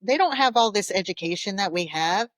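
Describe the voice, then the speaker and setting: A woman therapist talking as a podcast guest. She talks with animation, slips into quick voices of parents and keeps checking in with a short "'kay?". Her voice sits in a middle range, close to a dry mic. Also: medium pitch, expressive, dry recording. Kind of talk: podcast interview.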